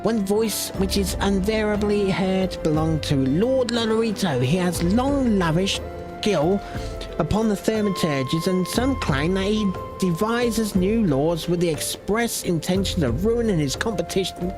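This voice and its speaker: A man's voice: high voice, a little slow, music in the background. A man voicing a gossipy, scheming rumormonger while reading game dialogue aloud, stumbling now and then on long names. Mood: sly, eager.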